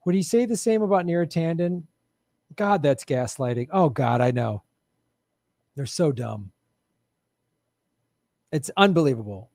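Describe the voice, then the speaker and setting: A comedian host answering live chat in a casual, sarcastic, joking way, swearing and laughing often into a studio microphone. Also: male voice, a little high, animated, unhurried, pauses often, darkish tone, dry recording.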